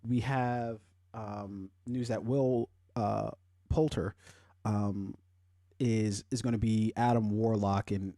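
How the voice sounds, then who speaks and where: A young man hosting a podcast, chatting casually and rambling, swearing often and swinging into loud, animated rants. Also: fairly low pitch, dry recording, clean studio sound. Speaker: podcast host. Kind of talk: casual pop-culture chat.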